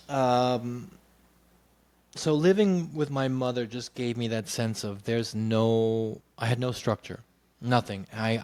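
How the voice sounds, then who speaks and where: Man, candid personal story, rambling, 'you know' fillers, mid-pitched voice, casual swearing. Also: a little mellow, no room sound.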